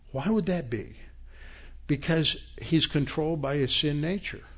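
A man preaching a teaching sermon, explaining word meanings in an unhurried way with frequent fillers and restarts. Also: mid-range voice. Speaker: pastor.

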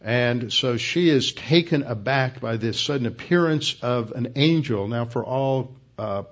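A man preaching an expository sermon, explaining scripture in a measured way and slowing down to stress key words. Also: medium pitch, highs cut off. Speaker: pastor.

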